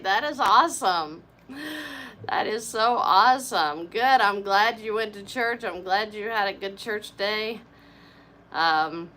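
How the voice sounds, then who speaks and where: A woman's voice: mid-range voice, bright, forceful tone, a little hiss or hum. A woman hosting a casual live Q&A, upbeat and effusive as she greets viewers by name and hometown. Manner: effusive and chatty. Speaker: livestream host reading viewer chat.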